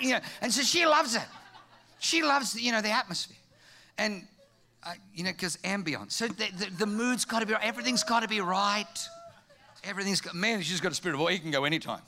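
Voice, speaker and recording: A man preaching a humorous sermon, telling stories in an animated way and bursting into shouts. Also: high-pitched, fairly quick. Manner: animated storytelling, acts out quoted voices, bursts into shouts.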